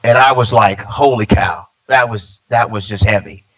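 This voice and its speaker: A man's voice: fairly low pitch, normal speed, poor audio. A man in his fifties, a stand-up comedian, telling a personal story in casual conversation and acting out what other people said. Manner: animated storyteller acting out quoted dialogue.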